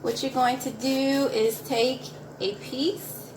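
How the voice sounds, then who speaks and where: A woman with a Southern accent talks through a home cooking lesson, unhurried and chatty, repeating herself to encourage the viewer. Her voice rings in an echoey kitchen, with a faint hiss of noise underneath. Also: high-pitched, level tone. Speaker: cooking instructor. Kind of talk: casual cooking demonstration.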